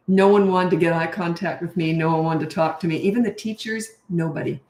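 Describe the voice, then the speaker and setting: A woman's voice: fairly low pitch, roomy sound. A woman in her sixties, a parenting coach answering viewer questions in a frank, conversational live-stream Q&A. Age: 60s.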